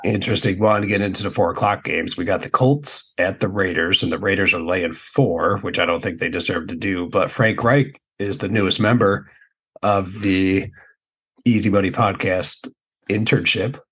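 A man's voice: low voice, normal speed, a bit bright, slightly rough. A man co-hosting a casual sports betting podcast, laid-back and profane. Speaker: podcast co-host.

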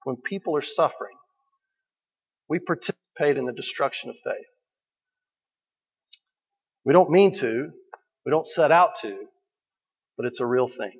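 A man's voice: mid-range voice, a little slow, long pauses, breathy edge. A man preaching a sermon in a conversational way, asking the listeners questions and repeating key phrases. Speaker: pastor. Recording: dull recording with long hall reverb.

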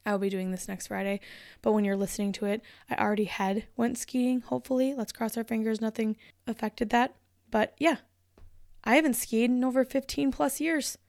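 A woman's voice: fairly high pitch, moderate pace, gravelly, a little mellow, no room sound, studio quality. A woman in her thirties hosting a solo podcast, talking in a chatty, upbeat and encouraging way. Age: 30s. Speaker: podcast host and motivational speaker.

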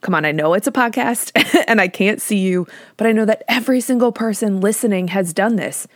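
A woman psychologist hosting a solo podcast, talking in an energetic, emphatic way and laughing often. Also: mid-range voice, a little fast, no echo, studio quality. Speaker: podcast host, licensed psychologist.

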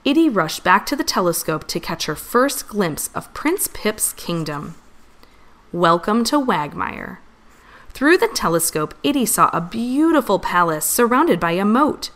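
A woman reading a children's storybook aloud, gentle and expressive. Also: mid-range voice, moderate pace, few pauses. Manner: gentle, expressive, lively voice changes for characters. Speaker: storybook reader.

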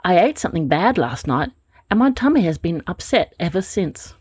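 A woman's voice: lowish voice, very animated, moderate pace, husky, no room sound, clean studio sound. A woman voicing a sleepy, friendly female wombat in a storybook reading, with a drowsy, chatty, plain-spoken way of talking.

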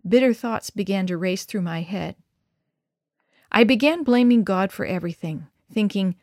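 A woman reads a story aloud to young listeners in an expressive way, her voice moving for each line. Her pitch sits in an ordinary middle range. The sound is dry and close, with no room echo. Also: moderate pace. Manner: expressive, shifts pitch for dialogue. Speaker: children's storyteller. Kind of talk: reading a story aloud to children.

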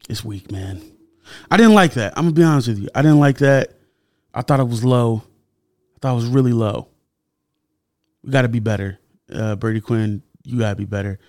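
A young man hosting a solo podcast, talking casually and with animated indignation, his voice jumping up when he gets heated. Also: mid-range voice, moderate pace, pauses often, no room sound, studio quality. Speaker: podcast host.

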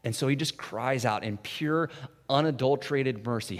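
A man preaching a sermon in a conversational way, often adding "right?" and swinging from hushed, soft passages to loud, intense ones. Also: medium pitch, moderate pace. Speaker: pastor. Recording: long reverb of a large hall.

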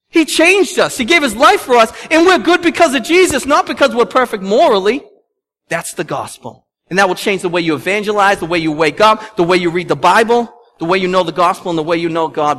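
A man preaching a sermon as pastor, talking in a conversational, animated way and telling stories with laughs. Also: fairly high pitch. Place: church sanctuary.

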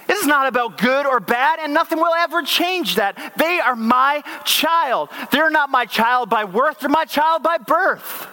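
A man in his thirties delivers a conversational sermon in a high, bright voice. He is earnest, throws out rhetorical questions and restarts his phrases as he talks. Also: expressive, a little slow, few pauses. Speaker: preacher.

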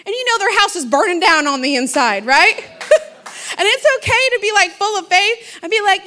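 A middle-aged woman delivers a sermon in a high, bright voice. She preaches with passion and keeps it conversational, often calling out to the congregation. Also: expressive, a little fast. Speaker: pastor's wife preaching.

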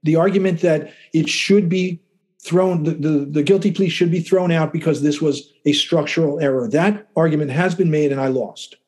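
A calm, even-keeled middle-aged man, a lawyer and writer, speaking as an interview guest with halting restarts. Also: on the high side. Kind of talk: casual interview talk.

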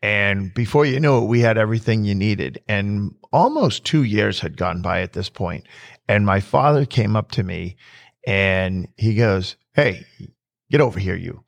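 A man chatting casually as a host, telling lively stories, acting out quotes and laughing often. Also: on the low side, a little slow, creaky, no room sound. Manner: animated storyteller, acts out quotes, laughs often. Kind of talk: casual storytelling chat.

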